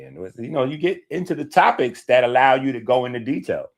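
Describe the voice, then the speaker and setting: A man's voice: mid-range voice, animated, fast talker, few pauses. A man hosting a health stream, giving an emphatic, lecturing talk with casual conversational asides.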